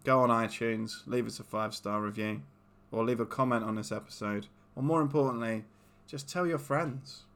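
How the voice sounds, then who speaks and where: Male podcast host, gravelly, irreverent and profane. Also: lowish voice, fairly even intonation, brisk, few pauses, a bit bright. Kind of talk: casual chat.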